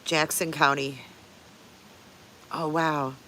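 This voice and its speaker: A woman's voice: low-pitched, level tone, slow pace, pushed and bright, slight background noise. An older woman hosts a casual livestream and answers her viewers one by one. She is blunt and swears freely, with frequent chuckles. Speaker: livestream host.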